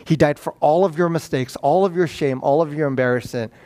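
A man's voice: a little high, fairly quick, warm tone. A man preaching as a guest pastor, earnest and pleading, repeating key phrases for emphasis. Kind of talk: sermon.

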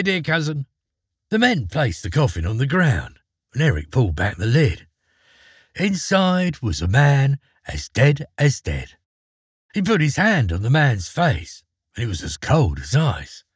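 A man with a husky voice narrating a fairy tale, with dramatic swings in pitch. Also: wildly swooping pitch, measured pace, no echo, clean studio sound. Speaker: storyteller. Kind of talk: expressive storybook reading.

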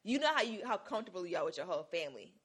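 Woman co-host, casual chat, lively swooping pitch, laughs a lot. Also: rapid-fire, husky. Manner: animated storyteller, laughs often. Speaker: podcast co-host.

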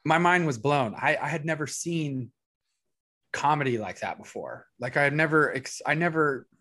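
A man's voice: on the high side, animated, moderate pace, bright, forceful tone. Easygoing man in casual chat. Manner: easygoing, trails off mid-sentence. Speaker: podcast co-host.

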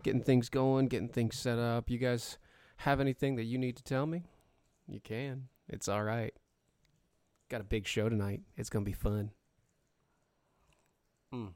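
A man's voice: medium pitch, fairly even intonation, moderate pace, pauses often, a little mellow, dry recording. A man hosting a livestream, casually chatting with viewers and humming to himself while setting up. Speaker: livestream show host. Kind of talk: casual pre-show chat to viewers.

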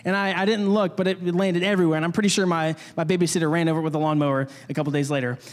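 High-voiced man preaching casually in a hall. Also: steady tone, very fast. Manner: conversational, many restarts, jokey asides. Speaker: pastor. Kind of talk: casual sermon.

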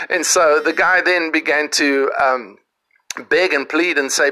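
A man's voice: on the high side, a little slow, pushed and bright, poor audio. A man hosting a podcast, giving an informal devotional message outdoors and retelling a parable in a conversational way with frequent restarts. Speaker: podcast host and preacher. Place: outdoors on a riverside property.

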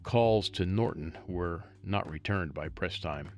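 Guy with a lowish voice reading out a small-town news story, joking asides, soft music under it. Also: a little slow, dry recording. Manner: wry, chatty asides. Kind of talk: reading a local news story aloud with commentary.

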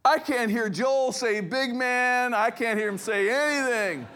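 Animated high-voiced male preacher. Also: unhurried, clear, resonant tone. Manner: animated storyteller, acts out quoted voices. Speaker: pastor. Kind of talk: sermon with personal story.

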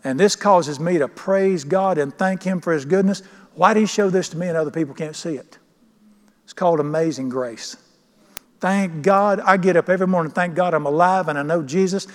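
A man's voice: sits high, normal speed. Man preaching in a reverberant church. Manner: emphatic, asks the congregation questions. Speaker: pastor. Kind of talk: sermon. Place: church sanctuary.

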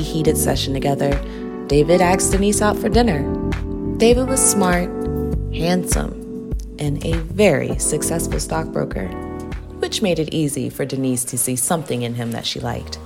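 A woman playing a wry, low-voiced narrator. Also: a little slow, vocal fry. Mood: narrating. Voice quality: dry, wry. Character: wry young woman, recently fired radio host. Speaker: Charlie, narrator and lead. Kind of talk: first-person narration and dialogue. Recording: music playing behind.

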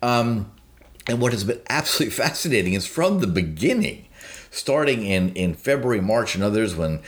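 A man with a lowish, sing-song voice talks at a normal speed on a talk podcast. His commentary is sardonic and opinionated, and he mocks one phrase in a sing-song tone. He hesitates with lots of fillers and wanders into long digressions.

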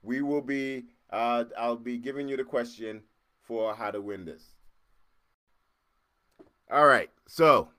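A man hosting his podcast, telling a story casually with lively repeats and acted-out sounds. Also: medium pitch, slow, long pauses, clean tone, no room sound. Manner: animated, repeats words and acts out sounds. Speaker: podcast host.

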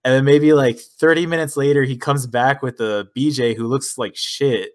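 A man at a middle pitch recounts a late-night story to friends on a podcast. He swears freely and acts out each quoted exchange as he goes. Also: moderate pace. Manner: swearing, animated retelling with quoted dialogue. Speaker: podcast co-host. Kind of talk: casual storytelling chat.

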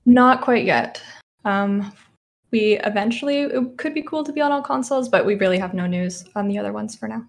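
A woman's voice: medium pitch, fairly quick, gravelly. A woman speaking from home as a game developer guest in an interview, upbeat and enthusiastic. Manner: upbeat, enthusiastic, many yeahs. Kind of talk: casual interview answers.

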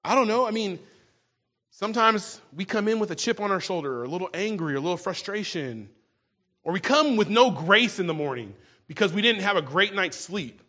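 Husky high-voiced male preacher. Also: lively intonation, fairly quick, pushed and bright. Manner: conversational preaching, frequent restarts and repeated words. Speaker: pastor. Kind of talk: sermon.

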